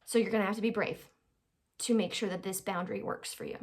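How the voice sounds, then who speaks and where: A woman's voice: medium pitch, fast. A woman giving an informal life-skills lesson in a conversational way, often checking in with "right?". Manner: acts out quoted people in lively little voices. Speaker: advice host.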